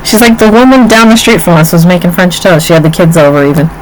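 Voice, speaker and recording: A woman's voice: lowish voice, quick pace, slight background noise, rough recording. A woman in her forties co-hosting a casual chat, telling stories and acting out what others said. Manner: animated storyteller, acts out quotes. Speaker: podcast co-host.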